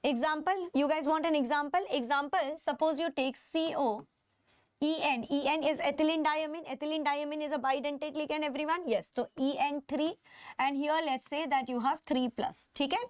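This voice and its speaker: Leading a live online chemistry lesson, this Indian English-accented teacher stretches out important terms and keeps asking her students if they're following. She has a high, steady voice, and there's no echo.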